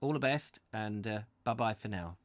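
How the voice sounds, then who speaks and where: Man, 50s, lowish voice, dry close sound; earnest live chat to viewers, halting and rambling. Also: lively intonation, no echo. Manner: halting and rambling, full of restarts and searching for words; earnest and heartfelt. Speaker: host of a live reading channel. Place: his own studio.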